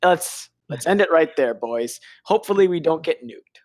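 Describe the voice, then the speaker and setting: A man's voice: fairly high pitch, lively intonation, normal speed, dry recording. A young man co-hosting a podcast, teasing and rambling in casual banter. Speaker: podcast co-host.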